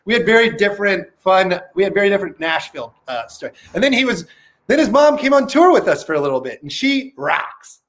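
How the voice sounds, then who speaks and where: A man with a high voice talks in a loose, rambling way, swearing freely and padding his stories with "like" and "uh". He sounds like a guest on a casual podcast chat. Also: animated, a little fast, a bit bright. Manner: rambling, profane storytelling with lots of fillers.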